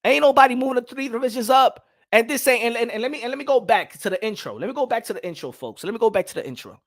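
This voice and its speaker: A man hosting a casual boxing live stream, talking animatedly, repeating himself and shouting out chat viewers. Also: sits high, lively intonation, racing. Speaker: boxing channel host.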